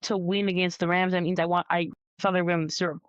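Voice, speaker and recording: A young man co-hosting a casual sports debate, defending his picks and saying he is calm and having fun. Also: sits high, racing, clean tone, no echo. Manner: defensive, insists he is calm, talks over the other. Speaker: podcast co-host. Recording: dull lo-fi sound.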